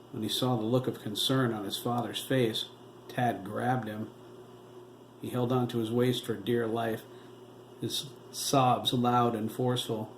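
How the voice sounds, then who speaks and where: A man, the author, reading his novel aloud as steady audiobook narration. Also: mid-range voice. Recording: roomy echo, faint noise.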